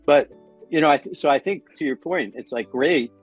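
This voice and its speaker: A man co-hosting a casual business podcast, telling stories in an animated way and acting out the lines of the people he quotes. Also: a little high, moderate pace, faint music behind. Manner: animated storyteller, acts out quotes, swears casually. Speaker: podcast co-host.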